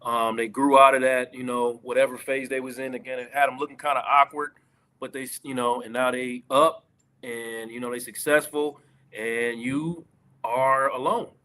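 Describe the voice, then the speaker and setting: A man's voice: medium pitch, fairly even intonation, normal speed, bright, forceful tone. A man on a discussion panel, speaking in a casual, emphatic and earnest way.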